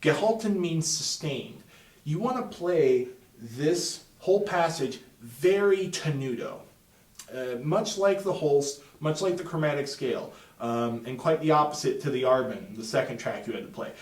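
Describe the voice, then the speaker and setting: A man gives a tuba lesson in a fairly high voice, patiently explaining phrasing and chanting rhythms to show them. He sits back from the mic in a roomy, echoing space. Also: lively intonation, measured pace, distant mic. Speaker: music teacher. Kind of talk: instructional talk.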